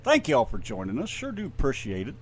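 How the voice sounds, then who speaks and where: A man's voice: wildly swooping pitch, fast talker. A man co-hosting a radio show, laughing and chatting loosely. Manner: laughing, loose, swinging pitch. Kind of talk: casual radio chat.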